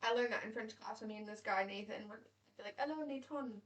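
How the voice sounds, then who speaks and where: A woman's voice: medium pitch, flat delivery, quick pace, a bit bright. A woman in her late twenties co-hosting a podcast, chatting casually in a blunt, jokey way and swearing freely. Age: late 20s. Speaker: podcast co-host. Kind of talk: casual chat.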